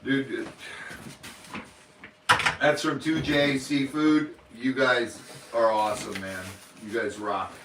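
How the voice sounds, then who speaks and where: A man's voice: medium pitch, fairly even intonation, takes it slowly, pauses often. A man in a casual live-stream chat, effusive and full of exclaimed thanks. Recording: echoey room, mic at a distance, clear background noise.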